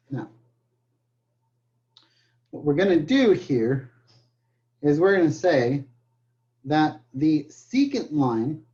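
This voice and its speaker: The math professor in this recorded lecture has a warm, mid-range voice, heard through a muffled recording. He keeps saying "okay" and slips in joking asides.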